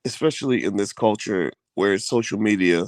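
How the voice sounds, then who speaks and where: A man in casual conversation, talking in an animated way with frequent restarts and blunt slang. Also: lowish voice, normal speed, no echo. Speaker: co-host. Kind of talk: casual chat.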